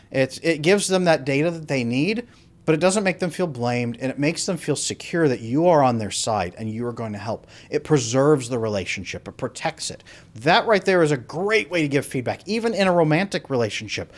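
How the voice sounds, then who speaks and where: A man's voice: fairly high pitch, normal speed. A man speaking as an attachment coach, teaching how to give feedback and acting out sample dialogues as he goes. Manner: animated, acts out sample dialogues. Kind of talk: instructional talk to camera.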